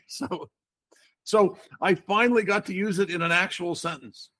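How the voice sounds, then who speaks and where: A man's voice: high voice, measured pace, a bit bright. An older man hosting a casual podcast chat, explaining word games in a playful, wordy way. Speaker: podcast host.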